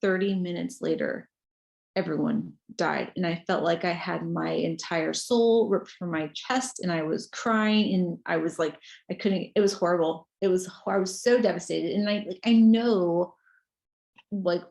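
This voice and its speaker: Creaky-voiced woman telling a story. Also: on the low side, measured pace, a little mellow. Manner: earnest, storytelling with restarts. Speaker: guest author. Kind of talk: casual podcast chat.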